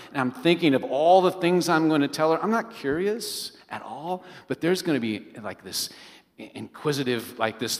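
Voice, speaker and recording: A middle-aged man, a pastor, preaching a sermon as an animated storyteller who keeps asking the congregation questions. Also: fairly high pitch. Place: large church hall. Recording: long reverb of a large hall.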